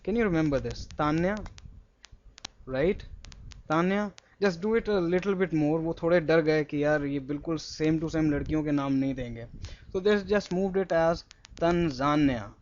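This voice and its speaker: A man's voice: on the high side, racing, darkish tone, a little hiss or hum. A young man with an Indian English accent teaching geography to a class in a classroom. He asks playful questions and mixes Hindi with English. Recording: dull lo-fi classroom recording.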